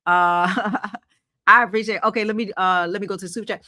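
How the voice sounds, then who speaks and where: A woman's voice: mid-range voice, fairly even intonation, brisk, pushed and bright. A woman hosting a live investing stream, talking emphatically to her chat with many rhetorical questions and repetitions. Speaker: host of a crypto investing livestream. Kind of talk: live stream talk reading chat comments.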